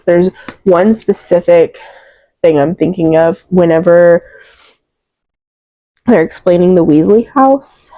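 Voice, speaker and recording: A woman's voice: lowish voice, slow pace, pauses often, mellow, no echo, rough recording. A young woman chatting about books she read, emotional and rambling, full of fillers, close to tears. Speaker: book reviewer. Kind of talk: casual book wrap-up chat.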